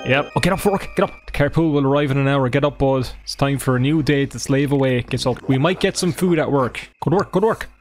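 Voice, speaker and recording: A man's voice: medium pitch, quick pace, hardly any pauses, slight background noise. A young Irish man giving sarcastic, sweary let's-play commentary over a game. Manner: sarcastic, sweary, deadpan asides. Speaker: gaming streamer.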